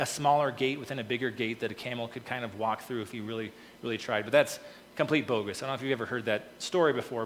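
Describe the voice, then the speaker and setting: A man's voice: mid-range voice, a bit bright, a little hiss or hum. Man preaching in a reverberant church hall. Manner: conversational preaching with frequent "okay" asides. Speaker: pastor. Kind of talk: sermon.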